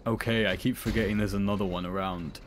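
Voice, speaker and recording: A young man giving casual, joking commentary while playing a video game, sometimes breaking into high excited yelps. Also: quick pace, noisy background. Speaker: gameplay commentator. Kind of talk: casual let's-play commentary.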